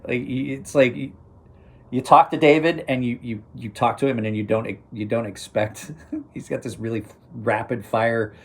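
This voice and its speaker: A man's voice: mid-range voice, fairly even intonation, normal speed, breathy edge. A middle-aged man hosting a knife channel, chatting casually on a live stream and rambling with many restarts. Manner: rambling, restarts sentences, chuckles to himself. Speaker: knife review channel host.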